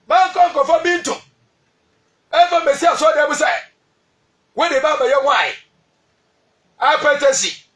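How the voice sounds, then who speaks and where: A man with a Ghanaian accent preaching a radio sermon, shouting key phrases and slowing down to stress scripture. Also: very high-pitched, far from the mic, rough recording.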